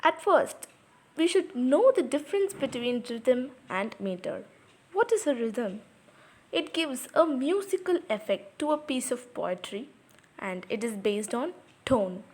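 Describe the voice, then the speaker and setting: A woman's voice: sits high, lively intonation, measured pace, a little mellow, slightly rough. A woman teaching a lesson on poetry, explaining patiently and repeating example words aloud, in English with non-native grammar.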